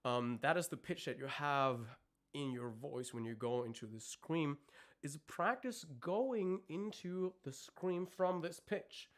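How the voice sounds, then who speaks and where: In a fairly high-pitched voice, a man runs a live-stream coaching session for singers. His delivery is halting as he searches for words, and he stops to model screams and vocal sounds.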